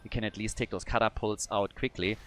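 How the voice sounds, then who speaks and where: A man casting a live esports match, calm analysis broken by sudden bursts of hype. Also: on the low side, brisk, slight background noise. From Germany. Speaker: esports caster. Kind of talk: live esports play-by-play commentary.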